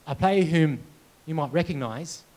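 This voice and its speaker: Man, keynote speaker, animated storyteller, fairly high voice, acts out voices and sounds. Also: unhurried. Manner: animated storyteller acting out dialogue and sound effects. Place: conference hall with audience.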